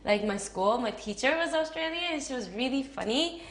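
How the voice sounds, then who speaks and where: A young woman with a Japanese accent chats through interview answers in a slightly high voice, giggling and leaning on filler words. The room around her is echoey, with a faint hiss of background noise. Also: lively intonation, normal speed. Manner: chatty, giggly, many fillers like "like". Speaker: interviewee, actress.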